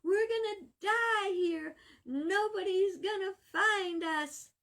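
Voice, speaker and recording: Woman playing a stranded man in a panic, high and wailing. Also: slow, fairly bright tone, full character voice. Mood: panicked. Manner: wailing, near tears.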